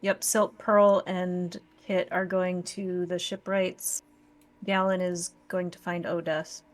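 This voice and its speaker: A woman playing a tabletop role-playing game, easygoing and thinking out loud. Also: fairly low pitch, flat delivery, slow pace. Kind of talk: casual in-character play.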